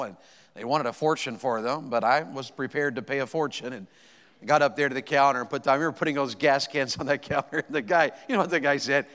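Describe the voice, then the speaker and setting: A male evangelist telling a folksy, animated story in a sermon, rising to excited exclamations. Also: medium pitch, clear, resonant tone. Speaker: evangelist preacher. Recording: long hall reverb.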